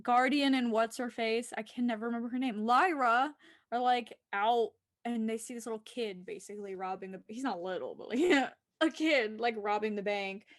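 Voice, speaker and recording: A woman's voice: fairly high pitch, normal speed, no echo, studio quality. A woman recapping a TV episode in casual chat, giggling and acting out the characters' lines as she goes.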